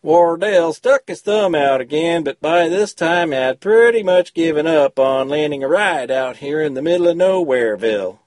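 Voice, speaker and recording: A man's voice: on the high side, expressive, normal speed, few pauses, a little mellow, no room sound, clean studio sound. A man recording himself on a phone, reading his short story after a chatty intro. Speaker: story contributor.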